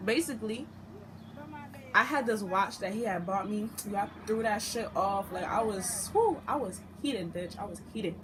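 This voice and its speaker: A young woman telling a storytime vlog, animated and profane, acting out the people she quotes. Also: mid-range voice, moderate pace, noisy background. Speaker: storytime vlogger.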